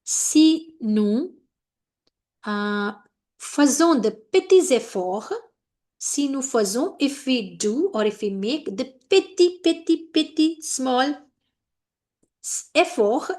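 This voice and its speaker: Here is an Indian woman in middle age teaching a French lesson, her voice a little high. She explains each phrase slowly and firmly warns her students off common mistakes. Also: lively intonation, a little mellow. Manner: switches between French, English and Hindi, explaining each phrase; firm, scolding reminders about mistakes. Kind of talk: classroom lesson explaining a letter.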